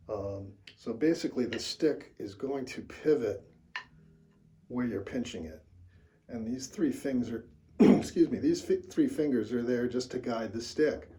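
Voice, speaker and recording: A man with a mid-range voice walks through a drumming technique in a casual lesson. He explains step by step in a loose, relaxed way, often pausing with fillers as he demonstrates. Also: medium pitch, slight background noise. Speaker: drum teacher.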